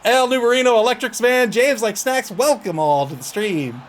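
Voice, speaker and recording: A man commentating a tabletop-style sports video game live on stream, chatty and quick to laugh. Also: very high voice, slight background noise. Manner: chatty, laughs often, exasperated at connection trouble. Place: home streaming setup.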